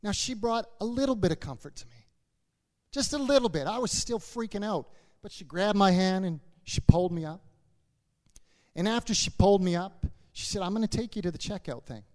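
High-voiced man preaching in a reverberant space. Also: moderate pace. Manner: emphatic repetition, builds to fervent exhortation. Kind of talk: sermon with a personal story.

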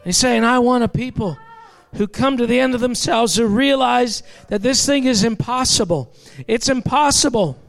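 High-voiced impassioned male preacher. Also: normal speed, vocal fry, faint music behind. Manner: impassioned, building to shouts. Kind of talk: sermon.

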